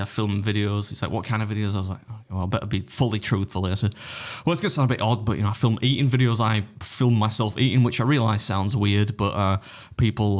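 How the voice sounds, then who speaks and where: A man with a fairly low voice tells a story on a podcast. He acts out every exchange himself and keeps breaking into laughter. His swearing is loose and casual. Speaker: podcast guest. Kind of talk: casual chat, telling an anecdote.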